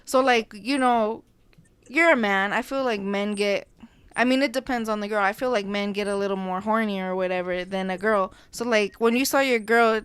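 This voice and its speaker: Smooth-voiced woman podcast host. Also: medium pitch, normal speed, fairly bright tone, no echo. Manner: laughing, cursing, teasing. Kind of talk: casual chat.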